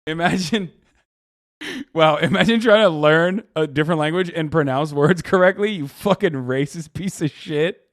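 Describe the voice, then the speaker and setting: Brief: male streamer, fairly high voice, dry close mic, jokey, sweary, sarcastic. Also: normal speed, no echo. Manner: swearing, laughing, animated outbursts; joking, sarcastic banter with chat. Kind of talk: casual livestream chat.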